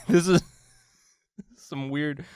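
A young man chatting casually while drawing, playful and quick to laugh. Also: fairly high pitch, fairly even intonation, a little mellow, clear, resonant tone, dry recording, studio quality. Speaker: show artist.

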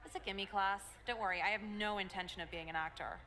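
A woman voicing a blunt, apathetic teenage girl with a deadpan, dismissive manner. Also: mid-range voice, fast, slight background noise, lightly acted. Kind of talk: voicing a game character aloud.

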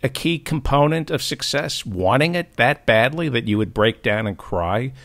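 A man's voice: mid-range voice, lively intonation, moderate pace, a bit bright. A man hosting a podcast, chatting casually and prompting his guest with wry questions. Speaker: podcast host. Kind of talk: casual interview chat.

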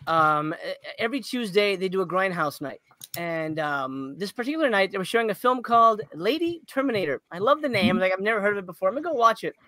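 A man co-hosting a podcast, telling a story in a casual chat, getting excited, laughing and swearing. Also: high-pitched, fast talker, no room sound. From Los Angeles area. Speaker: podcast co-host.

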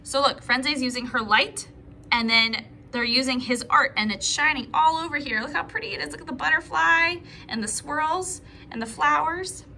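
A woman's voice: sits high, vocal fry, a little hiss or hum. A woman teacher reading a picture book aloud to preschoolers, with little asides to the children. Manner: animated, slow storytelling with asides to children.

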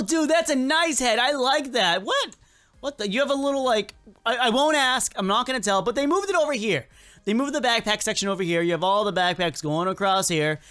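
A gaming video creator giving casual, excitable play-by-play commentary, chatting to game characters and laughing often with lots of ups and downs in pitch.

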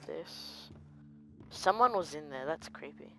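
A game player giving quiet let's-play commentary, talking softly and easily startled. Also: medium pitch, lively intonation, a little slow, gravelly, slight background noise.

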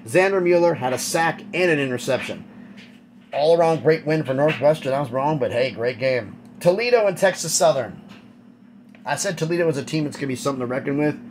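A man's voice: a little high, brisk, a little hiss or hum. Blunt man rattling off football stats. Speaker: college football commentator. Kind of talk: casual sports recap.

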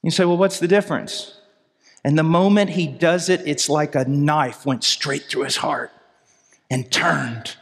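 A middle-aged man from the United States preaching a sermon, impassioned, moving from loud pleading to low intensity. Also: steady tone, a little slow, creaky, husky. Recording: long reverb of a large hall.

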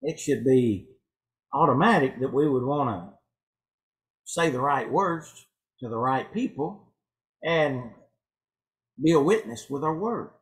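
Brief: male preacher, church service, folksy storyteller, mid-pitched voice that rises and falls a lot. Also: expressive, slow, pauses often, low-quality recording. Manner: folksy joke-telling preacher. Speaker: pastor. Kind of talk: evening sermon. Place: church sanctuary.

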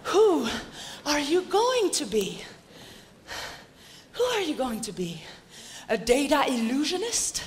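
A woman's voice: high voice, very animated, slow, long pauses, slight background noise. A woman giving a dramatic, theatrical stage talk in a large auditorium, rousing the audience with rhetorical questions. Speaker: speaker.

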